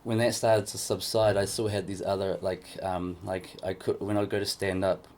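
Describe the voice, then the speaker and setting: A man chatting on a podcast in a somewhat low voice. He tells his story in a loose, rambling way, filling it with "like" and "you know." He is frank and swears without thinking about it. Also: level tone, moderate pace, darkish tone. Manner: rambling, filler-heavy storytelling. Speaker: podcast co-host. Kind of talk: casual podcast chat.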